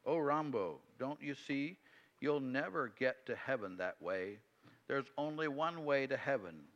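A man's voice: mid-range voice, lively intonation, unhurried, fairly bright tone, lo-fi sound. A man reading an earnest pleading friend. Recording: long hall reverb.

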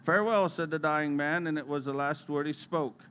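A man's voice: fairly high pitch, fairly bright tone, a little hiss or hum. Reverent man reading a devotional. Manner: slow, reverent reading with brief asides. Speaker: preacher.

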